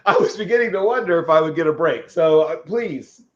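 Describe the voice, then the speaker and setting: A man chatting on a mock draft show, talkative and quick to laugh. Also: fairly high pitch, lively intonation, muffled recording, background noise. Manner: chatty, laughs easily, lots of fillers. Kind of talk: casual chat.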